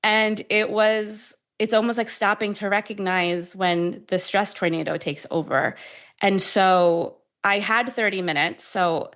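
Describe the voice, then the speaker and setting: A woman in her thirties who is a tapping expert, guiding a calm tapping sequence and then telling stories in an animated, conversational way. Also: mid-range voice, a little slow. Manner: calm, soothing guidance shifting to animated storytelling. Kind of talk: guided tapping and conversational chat.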